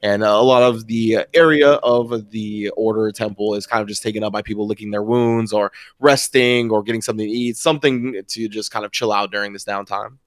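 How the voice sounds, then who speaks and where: A man's voice: lowish voice, steady tone, fairly quick, hardly any pauses, no room sound. A man narrating a tabletop game as game master in a casual way, with many fillers.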